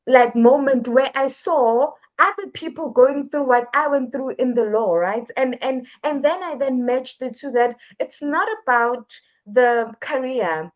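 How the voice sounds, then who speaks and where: A woman's voice: sits high, unhurried, hardly any pauses, dull audio. A woman hosting a podcast interview, asking earnest, searching questions in a casual chat. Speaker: podcast host.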